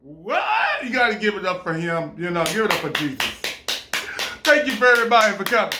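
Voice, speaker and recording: A man talking in a rambling, casual monologue, animated and stammering, often laughing and breaking into playful impressions. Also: high voice, brisk, reverberant, background noise.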